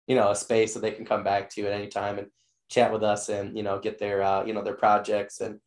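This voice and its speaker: Male podcast host, hoarse, fry-heavy low voice, rambling and enthusiastic. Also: monotone, fairly quick, a little mellow. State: losing his voice. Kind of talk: casual interview wrap-up.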